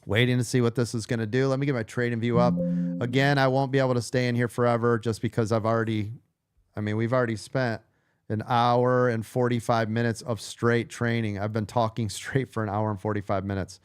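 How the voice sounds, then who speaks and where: A man's voice: medium pitch, flat delivery, a little fast, clear, resonant tone, no room sound. A man losing his voice, coaching a live trading room, blunt and profane, repeating key points.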